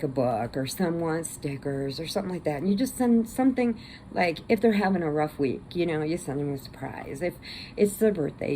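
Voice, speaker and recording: A woman's voice: sits low, warm tone, slight background noise, poor audio. A woman hosting a crochet vlog, chatting casually in a rambling, laughing and teary way. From Illinois, US. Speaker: crochet channel host. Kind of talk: casual chat.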